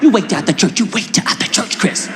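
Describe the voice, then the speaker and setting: Man doing a shrill, furious older mother. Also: very animated, quick pace, roomy sound, background noise. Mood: scolding. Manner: shrill, scolding, shouting. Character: furious older mother scolding her son.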